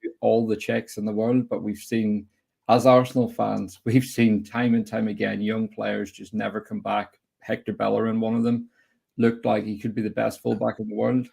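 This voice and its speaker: A young man hosting a casual football podcast, chatty and opinionated, putting quick-fire questions to his guest. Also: on the low side, level tone, vocal fry, a little mellow, husky. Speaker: host.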